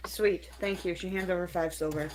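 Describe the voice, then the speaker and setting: A woman playing in a casual tabletop role-play session, describing her character's actions bluntly and briskly. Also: lowish voice, steady tone, darkish tone, a little hiss or hum. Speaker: player.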